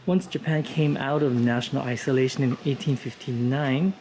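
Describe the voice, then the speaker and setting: Male travel host, relaxed tour-guide delivery, outdoor street walk, faint background noise. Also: mid-range voice, normal speed. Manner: relaxed, informative, with frequent "uh" and "you know" fillers. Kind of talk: casual walking tour narration.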